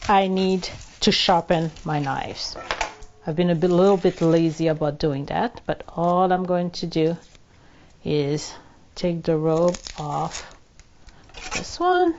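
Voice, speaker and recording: Woman, home cooking host, unhurried and chatty, slips into French; muffled kitchen audio. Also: fairly low pitch, animated, a little mellow, slight background noise. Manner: chatty, narrates each step, drops into French. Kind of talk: casual cooking demonstration.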